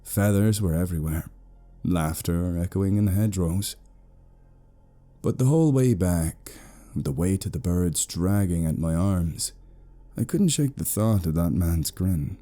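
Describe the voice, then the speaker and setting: A British man narrating a horror story slowly, in a hushed tone. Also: low voice, animated, faint music behind.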